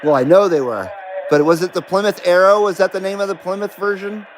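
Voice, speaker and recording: Middle-aged male stream host, high voice, relaxed rambling chat, light background hum. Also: fairly quick, low-quality recording. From Nevada, US. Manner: laid-back, rambling, swears and laughs often. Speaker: CB radio livestream host. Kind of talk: casual live-stream chat.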